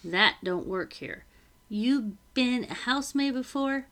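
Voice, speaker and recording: A woman reading aloud, voicing a bossy, chattering middle-aged housekeeper who scolds in brisk, rough speech. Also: a little high, animated, a bit bright, pitched above the performer's own voice, heavily acted. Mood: scolding.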